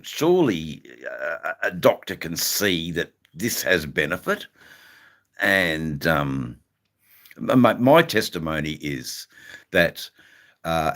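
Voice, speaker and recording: A man's voice: sits low, a bit bright. An Australian man hosting a livestream, chatting in a rambling, casual way and greeting viewers by name. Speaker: livestream host.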